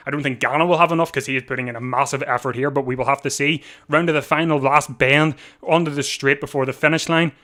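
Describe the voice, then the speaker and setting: A man hosting a live watch-along, calling a bike race in a breathless, excitable way and repeating himself as the finish nears. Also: medium pitch. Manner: breathless, rising to shouts at the finish; talks fast over the race, repeating himself. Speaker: livestream watch-along host. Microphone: desk mic.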